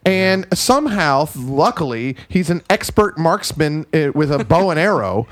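A man's voice: a little high, very animated, a little slow, no echo. A man with a slightly raised voice, talking over a movie in a sarcastic, loose way. He swears often and the sound is close and dry. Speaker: podcast co-host. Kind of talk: casual movie-review chat.

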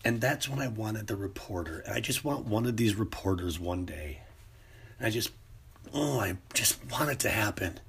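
A man's voice: lowish voice, animated, moderate pace, gravelly, a bit bright, slight background noise. A man ranting in a casual, profane monologue, rambling with many restarts.

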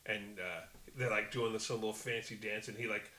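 A man co-hosting a casual political podcast, animated and quick to laugh. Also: on the low side. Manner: animated, laughs often, swears. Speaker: podcast co-host.

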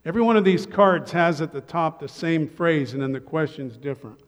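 A male pastor giving a sermon to his congregation, relaxed and joking in asides. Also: on the high side, brisk, in a large hall. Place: church sanctuary.

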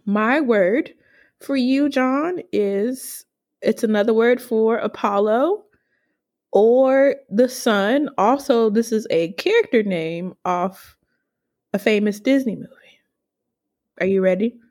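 A woman's voice: a little high, slow, a little mellow. A woman co-hosting a podcast in casual chat, teasing the others, laughing often and swearing now and then. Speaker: podcast co-host.

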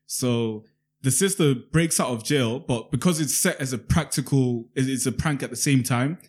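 Young guy, brisk and lively, lots of slang, recounts at length. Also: mid-range voice, breathy edge. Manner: animated storytelling with heavy slang. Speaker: podcast co-host. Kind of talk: casual chat.

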